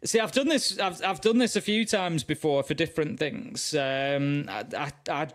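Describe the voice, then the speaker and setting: A man with a Northern English accent chatting between maps as an esports caster. He rambles and hedges, often pausing on fillers, in a slightly higher voice. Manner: rambling, hesitant, many fillers. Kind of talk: casual banter between maps.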